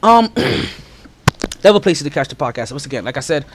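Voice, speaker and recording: A man hosting a casual sports podcast, slightly out of breath, talking loosely and animatedly with lots of shout-outs. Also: fairly high pitch, sing-song, a little fast, noisy background. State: a little out of breath. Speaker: podcast host.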